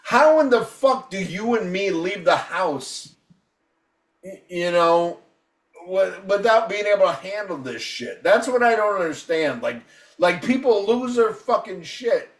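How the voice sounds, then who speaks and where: A man's voice: sits high, lively intonation, unhurried, recorded from a distance. A man around fifty ranting on a casual podcast, combative and heavy on profanity. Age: 50s. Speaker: podcast co-host. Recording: echoey room, voice off-mic.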